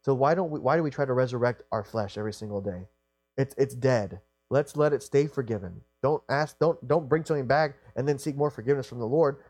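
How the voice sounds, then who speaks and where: A man delivers a sermon in an earnest, repetitive way, stumbling and restarting phrases as he goes. His voice sits at an ordinary middle pitch. The recording is dry, with no room echo. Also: fairly quick, a little mellow. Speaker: preacher.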